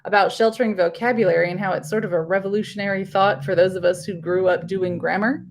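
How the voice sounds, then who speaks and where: A woman runs a casual online teaching workshop. Her voice sits at an ordinary middle pitch and carries a gravelly, fry-touched edge. She talks in a chatty, rambling way, full of fillers and restarts. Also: fairly even intonation, fast. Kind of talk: casual live online presentation.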